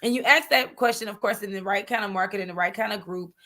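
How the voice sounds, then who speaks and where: A woman guest in an interview, telling her business story in a lively, chatty way, calling people "honey" and using many fillers. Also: medium pitch, quick pace. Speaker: guest entrepreneur. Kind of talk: animated interview talk.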